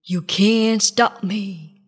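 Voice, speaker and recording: A woman's voice: medium pitch, very slow, husky. A woman voicing a big, boastful, hungry male lion who roars his threats in a storybook reading. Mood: roaring. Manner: roaring, loud and menacing.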